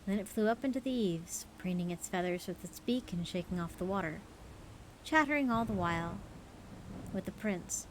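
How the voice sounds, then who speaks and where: A woman streaming, reading folk stories aloud in a relaxed, playful way. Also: mid-range voice, normal speed, slight background noise, poor audio. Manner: casual, playful, tired late in the stream. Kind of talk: storytelling livestream.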